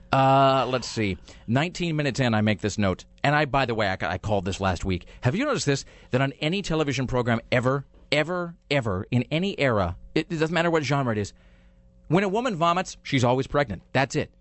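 Lively sarcastic male podcast host. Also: mid-range voice, brisk, no echo. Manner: sarcastic, rambling, mocking. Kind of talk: casual chat.

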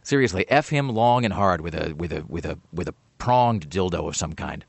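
A man's voice: low-pitched, expressive, normal speed, gravelly, slightly rough, dry recording. A man hosting a talk radio show, rambling and sardonic, dismissive about the topic. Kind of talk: casual talk radio banter.

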